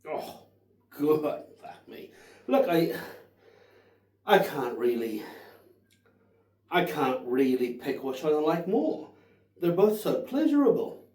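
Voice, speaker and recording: A man in his thirties tastes whisky and rambles through his notes, swearing freely and gushing about flavors. His voice is warm and mellow, and it sounds a little distant in a roomy, echoey space. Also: on the high side, expressive, slow, pauses often. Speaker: whisky reviewer. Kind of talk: casual tasting vlog.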